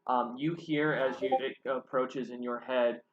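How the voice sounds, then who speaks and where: A man's voice: mid-range voice, steady tone, a little slow. A man narrating a tabletop game as game master, rambling with many fillers, in a roomy, slightly dull recording.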